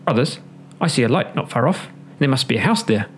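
A man voicing a proud, chattering old male rooster with a gravelly, sing-song voice. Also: mid-range voice, animated, a little fast, a little hiss or hum, close to an everyday voice. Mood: eager.

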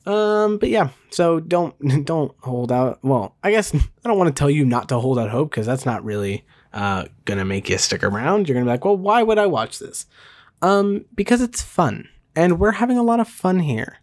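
A man hosting a casual solo podcast, rambling with many fillers and restarts, self-deprecating and talking fast. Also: fairly high pitch, lively intonation, a little mellow. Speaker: podcast host.

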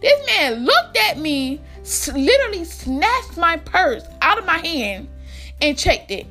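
A young woman from the United States telling a rambling, animated storytime to her viewers, full of fillers and restarts. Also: very high-pitched, unhurried, soft background music. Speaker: vlogger. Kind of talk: casual storytime addressed to viewers.

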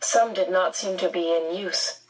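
A woman narrating an audiobook in a measured, unhurried storytelling manner. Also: on the low side, husky, far from the mic, poor audio.

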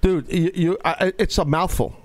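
A man's voice: fairly high pitch, normal speed, no echo. A male radio show host in casual sports talk, rambling and stop-start as he takes calls.

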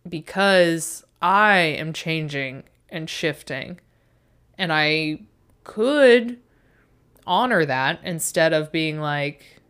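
A woman's voice: low voice, measured pace, fairly bright tone, clear, resonant tone. A young adult woman in a rambling, self-mocking casual monologue who swears often.

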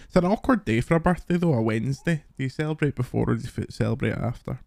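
A man's voice: medium pitch, expressive, fast, creaky, darkish tone, no room sound. A man, co-hosting a casual podcast, cracking dry jokes and swearing through his stories. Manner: dry joking, swears while telling stories. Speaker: podcast co-host. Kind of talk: casual chat.

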